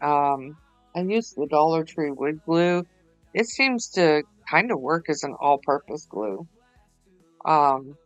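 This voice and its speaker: Tired, slow-talking woman. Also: deep voice, clean tone, low-quality recording. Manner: rambling, chatty, many fillers and restarts. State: tired, yawning. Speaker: craft vlogger. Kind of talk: casual voice-over while crafting.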